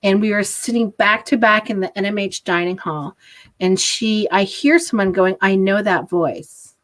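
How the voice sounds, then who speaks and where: A woman in her forties, a podcast guest, recounting a story in a lively, casual way and acting out the voices of people in it. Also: mid-range voice, moderate pace. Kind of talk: casual conversation.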